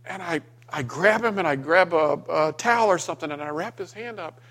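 A man's voice: fairly quick, a bit bright. A middle-aged man preaching a sermon, telling a personal story with rising emotion and raised, pleading tones in the retold scenes. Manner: storytelling, emotional, rising in pitch when voicing himself in the dream. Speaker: pastor.

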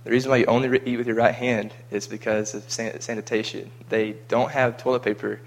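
An American man with a mid-range voice chats casually and a little fast about a mission trip for his vlog, keeping a level tone. He rambles and repeats his words as he goes.

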